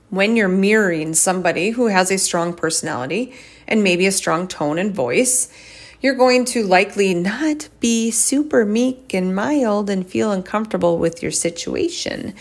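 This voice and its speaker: A woman hosts her own podcast in a relaxed, chatty way, her voice sitting at a middling pitch. She talks openly and pokes fun at herself, laughing easily. She often jumps her pitch up or down to show what she means. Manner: expressive, swings her pitch to demonstrate tones. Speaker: chiropractor and podcast host. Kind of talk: casual solo podcast talk.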